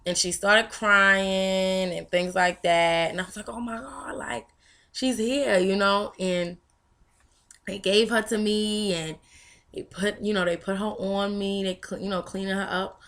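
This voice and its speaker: A woman's voice: mid-range voice, flat delivery, unhurried, a bit bright. A young woman vlogger telling a personal story candidly and emotionally, with frequent fillers. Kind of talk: personal testimony vlog.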